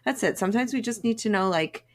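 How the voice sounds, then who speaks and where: A woman's voice: mid-range voice, fast talker. A woman co-hosting a podcast, telling personal stories in a chatty, confiding way. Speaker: podcast co-host. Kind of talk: casual podcast chat.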